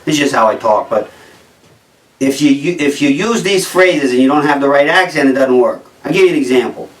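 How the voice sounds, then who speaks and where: A man's voice: medium pitch, expressive, brisk, reverberant, recorded from a distance, poor audio. A man with a New Jersey accent doing a wry, incredulous stand-up routine and laughing at his own jokes. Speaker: stand-up comedian.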